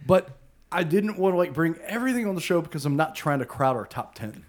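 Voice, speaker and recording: Playful man with a lively, bouncing voice. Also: a little high, fast. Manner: playful, jokes, bursts into mock singing. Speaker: podcast co-host. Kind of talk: casual beer-review banter.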